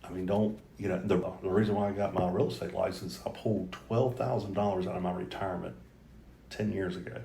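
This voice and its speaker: A man's voice: deep voice, steady tone, a little fast, gravelly, dark tone, a little hiss or hum. A middle-aged man from North Carolina, a mayoral candidate guest, talking earnestly in a rambling, casual way with frequent restarts. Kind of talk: casual conversational interview. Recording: roomy echoey room.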